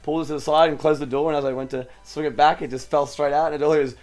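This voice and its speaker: A man's voice: a little high, level tone, rapid-fire, a little mellow, faint music behind. A tipsy man co-hosting a podcast, rambling through a story and acting out the quotes. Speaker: podcast co-host. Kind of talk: casual chat.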